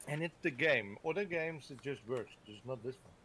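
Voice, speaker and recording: A man chats casually while he streams a game, wandering through his stories with frequent restarts and loose fillers. His voice sits at an ordinary middle pitch, with a clear layer of steady noise running under the recording. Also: normal speed. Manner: rambling, many restarts and hedging fillers. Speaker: streamer host. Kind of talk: casual chat while gaming.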